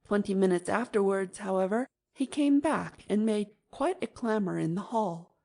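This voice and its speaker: A mellow woman narrating an audiobook. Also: mid-range voice, animated, moderate pace, creaky.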